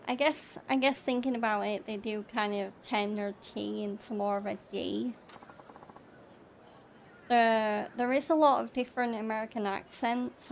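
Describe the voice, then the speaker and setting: A young woman rambles through casual gameplay commentary and often restarts her thoughts. She speaks at an unhurried pace, and her voice stays flat and even. A faint hum of ambience sits behind her. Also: mid-range voice, vocal fry. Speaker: gaming YouTuber. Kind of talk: casual let's-play commentary.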